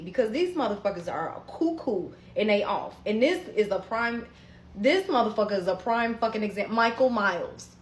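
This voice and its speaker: A woman telling a personal story in a casual, animated way, swearing often and talking straight to her viewers. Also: mid-range voice, reverberant, slight background noise.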